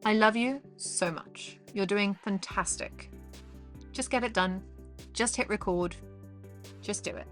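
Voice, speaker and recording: A woman's voice: medium pitch, measured pace, fairly bright tone, faint music behind. A woman with a South African accent, coaching viewers on camera in an upbeat, encouraging, playful way. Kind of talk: casual direct-to-camera advice.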